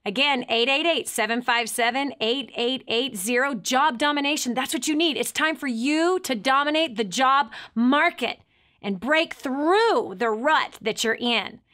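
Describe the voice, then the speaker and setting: Woman, radio talk host, bright, forceful, fervent, motivational. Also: high-pitched, a little slow. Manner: passionate, preacher-like delivery.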